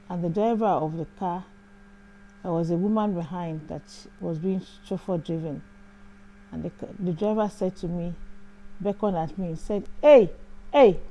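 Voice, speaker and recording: A woman's voice: on the low side, warm tone, slight background noise, low-quality recording. A woman hosting a show, telling a personal faith testimony in a reflective way, often repeating phrases. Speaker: host.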